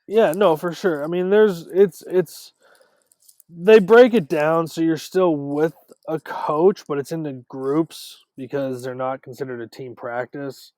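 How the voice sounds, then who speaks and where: A man talking as a podcast guest in casual chat, animated, with quick runs of words and restarts. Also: a little high, no room sound. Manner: animated, talks in quick runs with repeated starts. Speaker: podcast guest, former college ballplayer.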